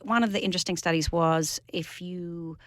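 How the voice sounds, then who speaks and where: A woman's voice: lowish voice, steady tone, normal speed, fairly bright tone, no room sound. A woman with an Australian accent from Sydney, an author talking as a radio guest, articulate and conversational. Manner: articulate and conversational, explaining ideas at length. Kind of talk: radio interview. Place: radio studio.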